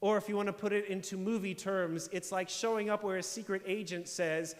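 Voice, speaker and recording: Pastor guy preaching, pretty high voice, lots of church echo, emphatic and questioning. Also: steady tone, brisk, few pauses. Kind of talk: sermon. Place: church sanctuary.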